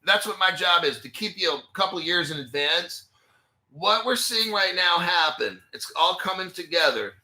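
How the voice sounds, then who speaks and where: A man's voice: high voice, expressive, normal speed, pushed and bright. A man hosting a crypto channel, talking in a casual, blunt and exasperated way straight to his viewers as he works at his computer. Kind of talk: casual livestream commentary.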